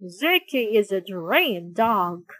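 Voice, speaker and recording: A woman reading a children's picture book, voicing a soft-hearted male neighbor who calmly reassures his friend. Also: medium pitch, takes it slowly, dry recording, heavily acted. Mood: reassuring.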